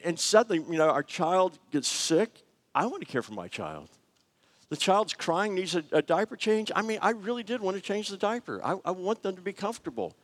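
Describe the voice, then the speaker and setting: A middle-aged man preaching a sermon, telling personal stories in a conversational, animated way with frequent fillers. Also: high-pitched. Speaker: pastor. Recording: long hall reverb.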